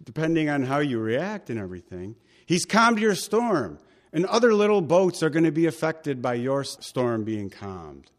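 A man preaching a sermon, talking with the congregation through questions and acting out quoted lines with big swings in pitch and loudness. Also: big pitch swings, moderate pace. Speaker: pastor.

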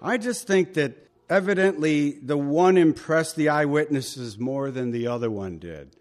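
A male pastor teaches through a Bible passage verse by verse in a sermon. His voice sits a little higher than most men's, and his delivery is conversational yet emphatic, full of chatty asides. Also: animated, a little slow.

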